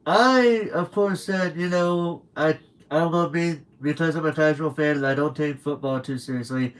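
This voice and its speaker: A young man with a fairly high voice talks at normal speed over poor audio, streaming from home late at night. He rambles through a casual story, acting out what other people said.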